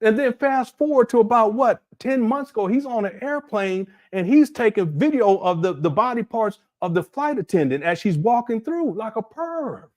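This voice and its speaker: Animated man ranting on a livestream. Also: sits high, normal speed, few pauses. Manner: animated, incredulous, rambling with restarts. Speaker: livestream commentator.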